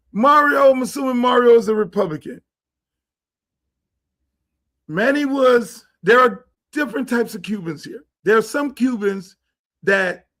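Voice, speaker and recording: A middle-aged man from Miami hosting a show, talking bluntly and animatedly with a lot of swearing and quick asides. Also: sits high. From Miami, Florida. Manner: blunt, animated, swears freely, slips into quoted voices. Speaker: host. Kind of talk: loud, profane commentary.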